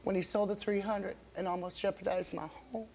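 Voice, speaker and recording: A woman's voice: medium pitch, steady tone, fairly quick, creaky, warm tone, a little hiss or hum, low-quality recording. A woman on a talk show stage who keeps accusing her former friend of lying. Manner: accusing, repeats herself. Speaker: guest. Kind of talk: heated talk-show argument. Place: TV studio stage.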